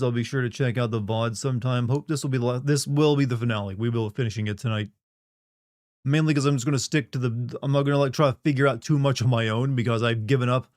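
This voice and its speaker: A man's voice: mid-range voice, a little mellow, no room sound. Young male streamer, rambling profane banter with chat, dry close mic. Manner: rambling, profane and joking, chatting with viewers. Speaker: game streamer. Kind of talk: casual live-stream chat.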